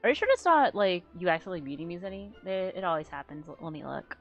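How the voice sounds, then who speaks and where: A woman chatting casually on a live stream, rambling and excitable, swearing freely and getting loud when worked up. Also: on the low side, fast, dull audio, faint music behind. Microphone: desk microphone she adjusts.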